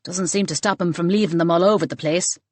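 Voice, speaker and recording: A woman reading the lines of a calm, matter-of-fact man in an audiobook. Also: on the low side, fast talker, dry recording, close to an everyday voice.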